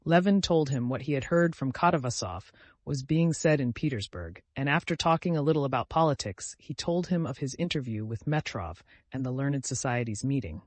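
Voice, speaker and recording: A man reading a classic novel aloud as an audiobook narrator, in an even, measured way. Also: mid-range voice, dry recording. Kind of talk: scripted narration.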